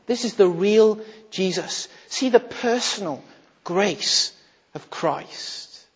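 A man's voice: high voice, expressive, slow pace, husky. Man preaching in an echoey hall. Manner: emphatic, with rhetorical questions and hushed quotes. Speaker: minister. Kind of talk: sermon. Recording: muffled, echoey hall recording.

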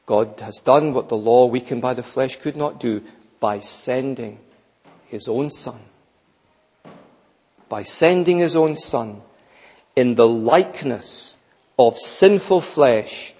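A man preaching a sermon emphatically, building to fervent peaks and dropping low. The sound is dull and lo-fi in a large church with long reverb. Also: slow pace, pauses often, darkish tone, husky.

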